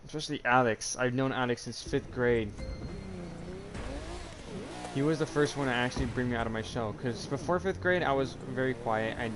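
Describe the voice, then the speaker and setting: A man talking casually in a personal vlog, halting and rambling with many restarts, earnest and confessional. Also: medium pitch, noisy background. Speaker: YouTuber. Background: music playing.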